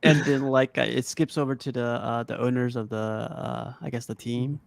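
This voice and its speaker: A man with a gravelly voice walks through movie scenes from his notes, stopping often to find the words. His delivery stays relaxed and unhurried. The sound is dry and close. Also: mid-range voice, dry recording. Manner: halting, many fillers, brings notes. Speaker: podcast co-host. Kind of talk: casual movie chat.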